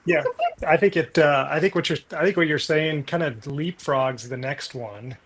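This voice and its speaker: A man's voice: fairly high pitch, normal speed, fairly bright tone, slight background noise. A man co-hosting a casual book discussion, thinking aloud and rambling with many fillers. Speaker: podcast co-host.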